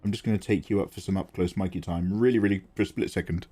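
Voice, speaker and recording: A man's voice: deep voice, steady tone, fast talker, dark tone, husky. A man chatting casually and self-deprecatingly on a live art stream while he draws, reading chat aloud.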